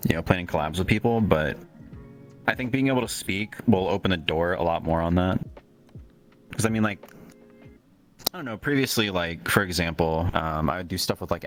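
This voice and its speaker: Brief: deep-voiced male guest, relaxed and chuckling, loose rambling answers. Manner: laid-back, laughs often, rambling with fillers. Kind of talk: casual livestream interview.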